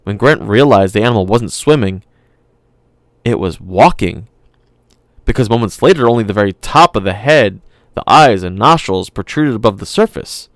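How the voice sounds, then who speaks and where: Low, smooth male voice reading an audiobook, calm and measured, dry close sound. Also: no room sound. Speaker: audiobook narrator. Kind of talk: scripted narration.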